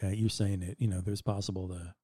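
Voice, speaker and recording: A man's voice: low-pitched, fast, breathy edge, dry recording, clean studio sound. A man hosting a casual podcast, bantering and joking with his co-hosts and laughing often. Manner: jokey, animated banter with frequent laughs. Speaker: podcast host. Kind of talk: casual chat.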